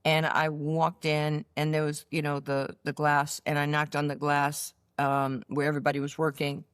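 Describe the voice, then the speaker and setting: A woman, a guest telling lively stories from her childhood in a casual chat, full of fillers and restarts. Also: sits low, moderate pace, clear, resonant tone, dry recording, studio quality. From New York. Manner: animated storyteller with many fillers and restarts. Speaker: interview guest.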